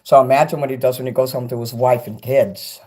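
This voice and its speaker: A middle-aged man livestreaming and reading chat, ranting angrily and profanely, swinging between loud outbursts and quiet asides. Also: medium pitch, steady tone, brisk. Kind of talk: angry livestream rant.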